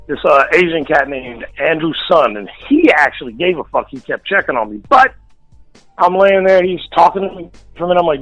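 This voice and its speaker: A man's voice: fairly high pitch, animated, moderate pace, a bit bright, no echo, muffled recording, faint music behind. Blunt, profane man telling a story. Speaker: guest. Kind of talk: casual storytelling interview. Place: radio studio.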